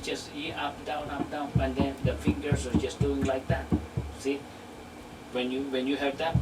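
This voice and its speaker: A man teaching a casual beginner bass lesson in a small practice room, counting beats and scatting rhythm syllables as he demonstrates. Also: little pitch movement, moderate pace. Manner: repeats words and restarts, talks loosely to the student. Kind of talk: casual hands-on music lesson. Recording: distant mic with loud guitar playing.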